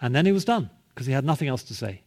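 A man's voice: mid-range voice, very animated, racing, a little mellow. A male pastor preaching a sermon, telling a story and building to emphatic repeated calls.

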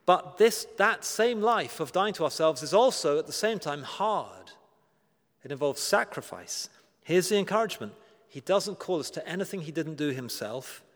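A man preaching a sermon, earnest and emphatic, slowing down to stress key words and asking rhetorical questions with dry humor. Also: on the high side, animated. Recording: long reverb of a large hall.

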